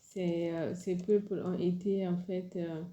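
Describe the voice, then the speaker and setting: A woman's voice: lowish voice, level tone, unhurried, dark tone. A woman interpreting a lecture live over a video call, hesitant with frequent fillers.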